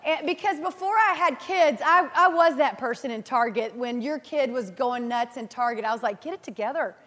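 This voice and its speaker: A woman in her thirties preaching a sermon, earnest and animated, telling personal stories and laughing at herself. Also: sits high, moderate pace. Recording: reverberant hall.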